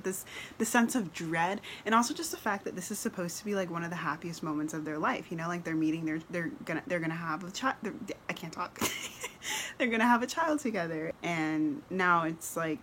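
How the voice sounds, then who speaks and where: A woman's voice: lowish voice, fairly bright tone, slight background noise. A young woman filming a casual book vlog, gushing and emotional, often laughing as she talks. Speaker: book vlogger. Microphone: camera mic.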